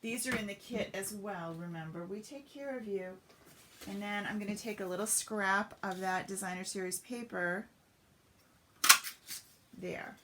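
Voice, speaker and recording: A woman's voice: medium pitch, a little slow, pauses often, noisy background. A woman giving a chatty step-by-step craft demonstration on a live stream, greeting viewers as she works. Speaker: papercraft demonstrator.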